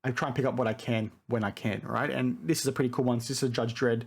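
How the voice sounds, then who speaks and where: A man's voice: mid-range voice, steady tone, fast talker, vocal fry, husky. An Australian man in his thirties chatting casually to camera at home, enthusiastic and rambling with lots of "you know" and "right?". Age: 30s. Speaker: vlogger and card collector. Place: home room full of collectibles.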